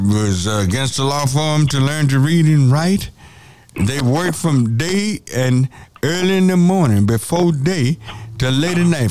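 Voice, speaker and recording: Argumentative radio host. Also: male voice, medium pitch, darkish tone, no echo. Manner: argumentative, insistent, repeats phrases. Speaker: radio call-in show host. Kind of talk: call-in radio talk.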